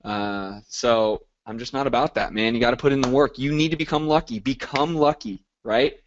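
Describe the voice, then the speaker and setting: Man, motivational coaching call host, mid-pitched voice, upbeat, muffled call audio. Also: normal speed, a little hiss or hum. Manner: upbeat, motivational, reacting to chat comments by name. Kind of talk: live group coaching call.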